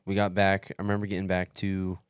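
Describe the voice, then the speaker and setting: A man's voice: low-pitched, a little fast, smooth, no echo, studio quality. A man on a casual podcast telling a story, swearing freely, calling people dude and bro, and acting out what others said. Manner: profane, animated retelling with acted-out quotes; peppers speech with dude and bro. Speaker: podcast co-host recounting his race.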